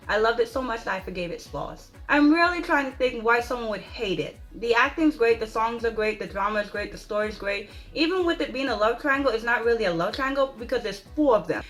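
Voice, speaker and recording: Brief: expressive woman film reviewer, bright voice, lively pitch swings, faint music under. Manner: dramatic, emphatic, repeats "okay?" for emphasis. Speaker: movie reviewer. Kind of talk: animated spoken movie review.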